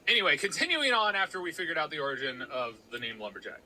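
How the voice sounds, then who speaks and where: Bright-voiced man sharing trivia. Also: on the high side, very animated, quick pace, a little hiss or hum, low-quality recording. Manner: informative, reading researched facts. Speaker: podcast co-host. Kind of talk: casual chat.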